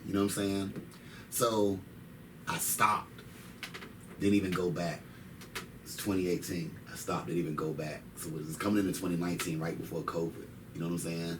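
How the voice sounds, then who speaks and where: A man's voice: low-pitched, steady tone, normal speed. A man in his thirties, an interview guest, telling his story in casual slang, repeating phrases for emphasis. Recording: distant mic with faint noise.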